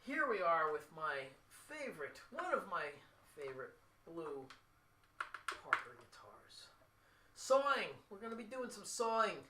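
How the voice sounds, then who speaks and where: A man's voice: a little high, big pitch swings, unhurried, sharp tone, a little hiss or hum. A man with a New Jersey accent, hosting a casual guitar livestream and chatting with viewers. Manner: chatty, jokey, talking to the chat.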